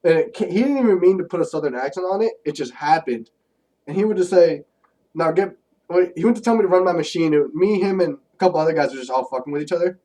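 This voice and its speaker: A man's voice: a little high, animated, fast, warm tone. A young man co-hosting a casual podcast, telling stories with lots of laughter. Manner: laughs often while storytelling, quotes people in voices. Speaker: podcast co-host. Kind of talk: casual chat. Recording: distant from the mic.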